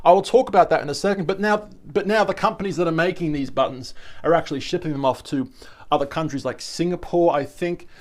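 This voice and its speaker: A man's voice: a little high, fast talker. A man, chatting casually to camera in a rambling, enthusiastic vlog. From Australia. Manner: rambling, chatty, with restarts and asides. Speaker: vlogger.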